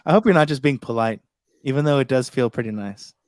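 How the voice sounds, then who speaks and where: An American man hosts a loose tech livestream, joking and swearing as he goes. His voice sits at an ordinary middle pitch. The sound is dry and close. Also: fast talker, no room sound. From United States. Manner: joking, animated, swears freely. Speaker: host. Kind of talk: casual livestream chat.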